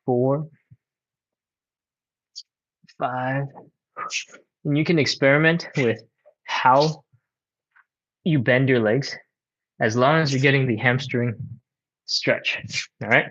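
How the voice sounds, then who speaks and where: A man's voice: mid-range voice, steady tone, takes it slowly, long pauses, a bit bright, dull audio. A man leading a live home stretching workout, counting reps and coaching casually, a bit out of breath. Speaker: stretching instructor.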